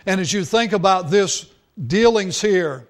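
A man's voice: high-pitched, lively intonation, unhurried. A male pastor preaching a sermon, earnest, drawing out key words for emphasis.

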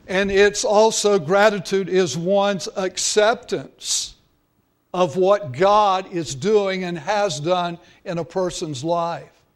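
A male pastor preaching a sermon, earnest, drawing out key words for emphasis. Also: high voice.

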